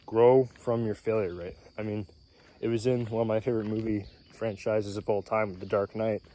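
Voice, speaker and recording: A man vlogging outdoors in casual self-improvement talk, a little out of breath, rambling and clearing his throat, often tagging "right?". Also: lowish voice, level tone, normal speed, mellow. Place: outdoors in nature, mosquitoes around. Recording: faint outdoor noise with insects.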